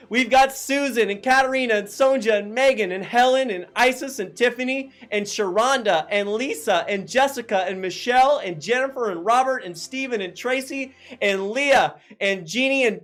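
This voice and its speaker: A man hosting a live fundraising appeal, calling out donors and amounts with excited shouts. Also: very high-pitched, moderate pace. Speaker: fundraising auctioneer host.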